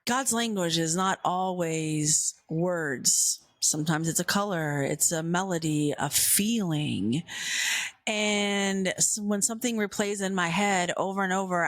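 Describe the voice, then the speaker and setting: A woman hosting a faith podcast, talking in a soft-spoken, earnest and reflective way. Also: fairly low pitch, measured pace, no echo, clean studio sound. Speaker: podcast host.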